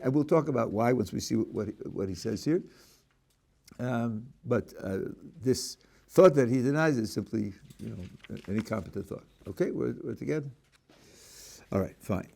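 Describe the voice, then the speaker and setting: A man's voice: medium pitch, gravelly, darkish tone. A middle-aged man, a rabbi, teaching a class: he reads a passage aloud and then explains it, with frequent restarts. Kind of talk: text-based lecture.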